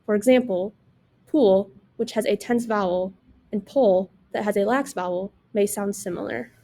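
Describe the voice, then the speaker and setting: A woman's voice: mid-range voice, moderate pace, warm tone. A young woman reading a class presentation aloud from a script, saying example words with care. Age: young adult. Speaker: student presenter.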